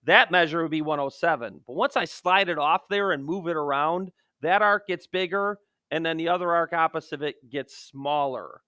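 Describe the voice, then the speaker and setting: A man's voice: fairly high pitch, moderate pace, hardly any pauses, bright, forceful tone, dry recording, studio quality. A man, a math teacher, talking through a geometry lesson in a joking, self-deprecating way, swinging from playful outbursts to muttered asides.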